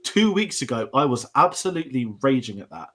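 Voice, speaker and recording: A man's voice: medium pitch, sing-song, fairly quick, a bit bright. A young British man hosting a casual show discussion, rambling with restarts and asides. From Britain. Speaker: podcast host.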